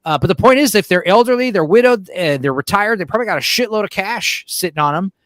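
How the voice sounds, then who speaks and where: A young man with a high voice hosts a casual, rambling chat among friends. He is crude and loose, dropping into quoted voices now and then. His voice sounds close and dry. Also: animated, fast talker, a bit bright, no echo. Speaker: host.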